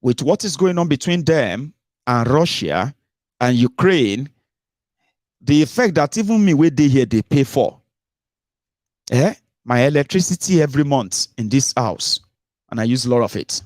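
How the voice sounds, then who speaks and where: Animated Nigerian-accented man, dry sound. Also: moderate pace, pauses often, dry recording. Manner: animated, mixing in pidgin, rhetorical questions, big jumps in pitch. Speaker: radio and online show host. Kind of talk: casual political commentary. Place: at home.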